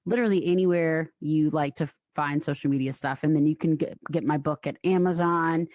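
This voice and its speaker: A woman's voice: low voice, fairly quick, a little mellow, dry recording. A woman in her thirties, a songwriter and author guesting on a podcast, telling stories animatedly with laughs. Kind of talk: casual interview chat.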